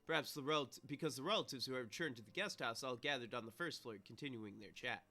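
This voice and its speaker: A man reads a visual novel aloud on a live stream, his voice bright and forward. Between passages he rants casually and swears, with no polish. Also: medium pitch, fast talker. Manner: reads narration flatly, then swears and rants loudly. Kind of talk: casual let's-play reading and commentary.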